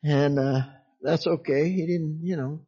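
A man's voice: a little high, steady tone, measured pace, mellow, breathy edge. A man preaching, telling his own story in a folksy way with frequent chuckles. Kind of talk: sermon testimony. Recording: muffled lo-fi recording.

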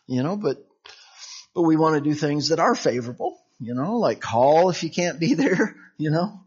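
Chatty high-voiced male preacher, lo-fi. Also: animated, moderate pace, darkish tone, husky. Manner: chatty and conversational, frequent "you know" and chuckles, acts out quoted dialogue. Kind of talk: informal sermon. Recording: dull lo-fi sound.

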